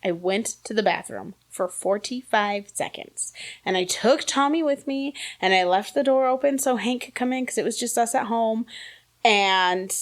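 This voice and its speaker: Lively high-voiced storytelling woman. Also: moderate pace. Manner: animated storytelling, acts out voices, laughs often. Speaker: podcast co-host. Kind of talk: casual chat.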